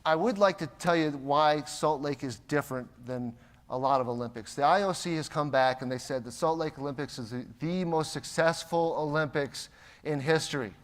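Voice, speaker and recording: An American man with a slightly high voice gives a motivational keynote at a moderate pace in a large conference hall, where the long reverb is audible. He tells animated anecdotes, acting out the voices of the people in them.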